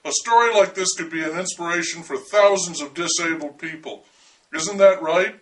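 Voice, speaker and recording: A man's voice: on the high side, normal speed, fairly bright tone, natural voice, rough recording. A man voicing a female TV reporter who talks in a coaxing, doubtful way.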